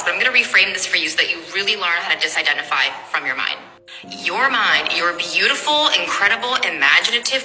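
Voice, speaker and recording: A woman giving an emphatic, direct motivational speech. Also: lowish voice. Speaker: motivational speaker. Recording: reverberant hall, soft music.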